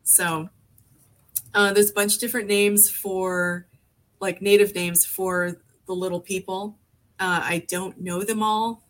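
A woman in her forties tells stories as a podcast guest. She talks in a loose, rambling way, full of fillers and false starts. Her voice sits at a middle pitch. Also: flat delivery, measured pace. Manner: rambling, many fillers and restarts. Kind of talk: casual conversation.

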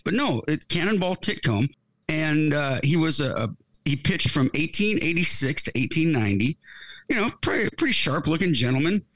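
A man's voice: fairly high pitch, lively intonation, moderate pace, a bit bright, no echo, poor audio. A man co-hosting a podcast who tells a story in a casual, wry, amused way. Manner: wry, amused, with chuckles in his telling. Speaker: podcast co-host.

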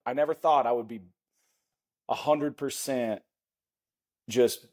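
Husky-voiced middle-aged guy on a podcast, rambling stories, acts out the dialogue. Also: mid-range voice, slow pace. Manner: animated, rambling anecdotes with laughs and acted-out dialogue. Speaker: guest, former pro football lineman. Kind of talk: casual storytelling chat.

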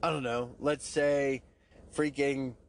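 A man's voice: medium pitch, little pitch movement, slow pace. A man hosting a podcast, talking through his past in a candid, profane monologue. He mocks himself and keeps checking in with "right?". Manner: candid, profane, self-mocking, frequent "right?" asides. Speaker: podcast host. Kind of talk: personal monologue.

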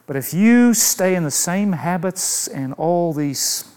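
A man's voice: sits high, animated, slow, darkish tone, clean tone. A man preaching a sermon in an emphatic way, asking rhetorical questions and adding humorous asides.

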